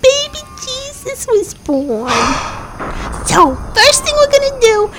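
A woman's voice: very high voice, sing-song, takes it slowly, heavy background noise. A woman hosting a children's puppet show, eager and coaxing as she guides the story along.

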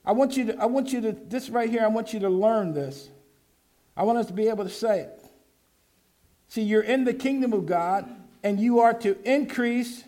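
A pastor preaching, leading the congregation in call and response and shouting out his refrains. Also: very high-pitched. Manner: exhorting, shouting refrains, laughing asides.

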